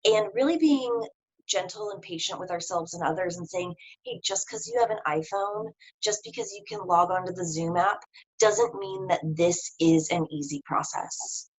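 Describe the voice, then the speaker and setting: A woman's voice: fairly low pitch, expressive, normal speed, slightly rough, low-quality recording. A woman co-hosting a deathcare webinar over a video call, talking in an earnest, reflective way with many fillers. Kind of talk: casual panel chat on video call.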